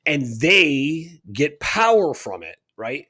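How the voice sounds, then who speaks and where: A man co-hosting a spiritual talk radio show, speaking in a fairly high, husky voice. He lectures with emphasis and drives each point home with rhetorical "right?" questions. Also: very animated, takes it slowly, sharp tone. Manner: emphatic, preachy, keeps asking "right?".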